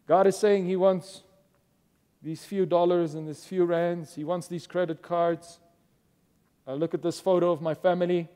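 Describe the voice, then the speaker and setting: A man's voice: sits high, little pitch movement, normal speed, mellow, clear, resonant tone. A man preaching a sermon as a pastor, earnest and stumbling over repeated words as he builds his points. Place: church. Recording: reverberant church hall.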